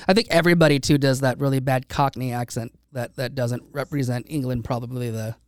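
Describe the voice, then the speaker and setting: Brief: male host, clear smooth voice, dry close sound, curious and friendly. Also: mid-range voice, fairly even intonation, brisk, no echo. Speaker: interviewer. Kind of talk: casual interview chat.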